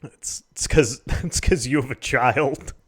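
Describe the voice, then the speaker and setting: An easygoing young man with a medium-pitched voice chats on a casual stream. He teases his co-host and chuckles often, in a relaxed, friendly way. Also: slow pace, husky. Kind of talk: casual drinking-stream chat.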